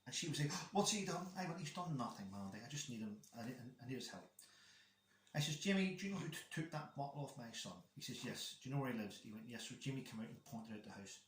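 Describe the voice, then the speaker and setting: A man's voice: mid-range voice, sing-song, fast. A man chatting casually as a guest, telling a rambling story about his son and acting out the dialogue. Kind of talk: casual chat. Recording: echoey room.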